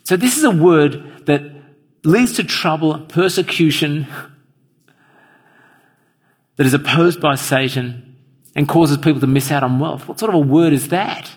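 A man's voice: mid-range voice, husky. A man preaching an evening sermon in a church, earnestly putting questions straight to his listeners. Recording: long reverb of a large hall.

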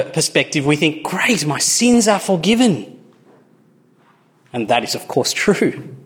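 A man preaching a sermon in an earnest, measured way, with small restarts. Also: a little high, fairly bright tone.

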